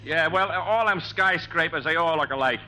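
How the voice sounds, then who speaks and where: An actor playing a brusque, money-minded New cab driver in a 1950s radio drama. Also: male voice, on the high side, moderate pace, sharp tone, poor audio. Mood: gruff, cynical. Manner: brusque, streetwise, blunt. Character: gruff New York cab driver, grasping and cynical. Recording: old radio broadcast.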